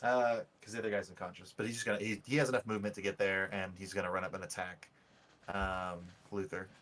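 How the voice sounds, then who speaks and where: Game master, male, lowish voice, relaxed rule-explainer, chatty. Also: fast talker. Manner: patiently explains rules, many fillers. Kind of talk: casual tabletop game narration.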